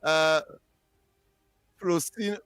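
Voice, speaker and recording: A man's voice: a little high, steady tone, extremely slow, a bit bright, smooth, dry recording. A man with a Trinidadian accent co-hosting a casual radio talk show, playful and laughing often, repeating himself as he talks.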